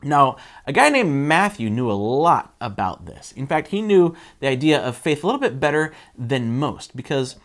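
Male pastor, casual sermon, lively animated pitch, chatty storytelling. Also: moderate pace, hardly any pauses. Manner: animated, conversational, acts out quotes with jumps in pitch.

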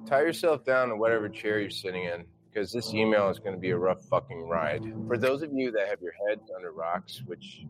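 An actor reading out an angry email as a furious young sorority officer, profane and sneering, often breaking into shouts. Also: male voice, fairly low pitch, lively intonation, fairly quick, few pauses, background noise, lightly acted. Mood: seething. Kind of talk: dramatic reading of a profane rant.

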